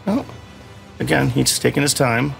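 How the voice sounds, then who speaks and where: A man's voice: medium pitch, expressive, moderate pace, creaky, faint music behind. A middle-aged man at home giving casual gameplay commentary, frustrated and swearing as he talks himself through a fight. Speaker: gamer. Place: home room.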